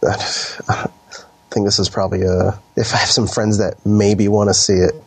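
A man's voice: lowish voice, flat delivery, normal speed, slightly rough. A young man co-hosting a podcast, talking casually and rambling with restarts and sighs. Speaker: podcast co-host. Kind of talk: casual chat.

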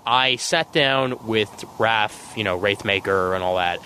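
A man's voice: fairly low pitch, measured pace, sharp tone, a little hiss or hum. A man hosting a podcast, chatting casually, joking and steering the conversation. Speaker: podcast host. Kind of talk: casual chat.

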